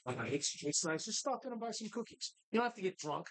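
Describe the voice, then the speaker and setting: Rambling, profane bar host. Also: male voice, high voice, animated, fast, fairly bright tone. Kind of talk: casual bar chat.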